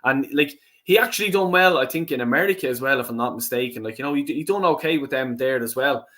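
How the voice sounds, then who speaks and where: A man's voice: medium pitch, quick pace, a bit bright. Swearing Irish man on a live stream. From Ireland. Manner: swears freely, frequent ums and restarts. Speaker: channel host reading live chat. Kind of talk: casual live-stream chat.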